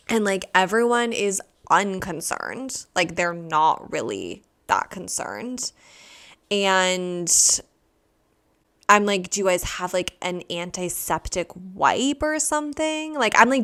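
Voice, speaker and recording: A young woman hosting a podcast, telling a story in a rambling, animated way, full of "like" fillers and swearing, acting out what people said. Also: medium pitch, moderate pace, clear, resonant tone. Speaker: podcast host. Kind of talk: casual storytelling monologue.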